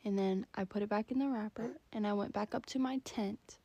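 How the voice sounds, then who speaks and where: A woman's voice: mid-range voice, fairly quick, dark tone, no room sound. A woman of about twenty, a stay-at-home mom, telling a casual storytime in a giggly, chatty way full of fillers.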